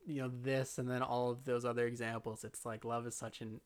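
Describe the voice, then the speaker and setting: A woman's voice: a bass voice, little pitch movement, brisk, a little mellow. A young woman co-hosting a casual podcast, gushing earnestly about an anime and swearing casually. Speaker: podcast co-host. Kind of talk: casual chat recapping an anime.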